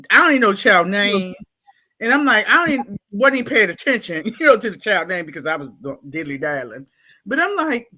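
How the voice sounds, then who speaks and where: Animated Baltimore woman with bright tone. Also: mid-range voice, fairly quick. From Baltimore, USA. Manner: animated, laughing, acts out quotes in exaggerated voices. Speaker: guest, school staff. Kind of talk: casual storytelling interview.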